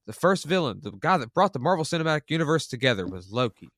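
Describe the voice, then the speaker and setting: A man's voice: a little high, sing-song, fast talker, hardly any pauses, a bit bright, no echo, studio quality. A man co-hosting a podcast, chatting enthusiastically and rambling with restarts. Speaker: podcast co-host. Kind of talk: casual podcast chat.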